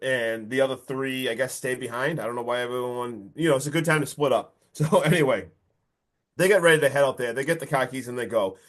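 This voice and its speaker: A man co-hosting a podcast, recapping a horror movie in casual, excitable chat full of fillers and mild swearing. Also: medium pitch, fairly quick. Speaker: podcast co-host.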